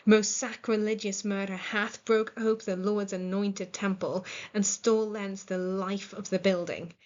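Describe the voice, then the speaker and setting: English lady reading macduff, a noble guy in shock, earnest and steady, bit muffled. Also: medium pitch, measured pace, lightly acted. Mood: horrified. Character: Macduff, male nobleman, urgent and horror-struck.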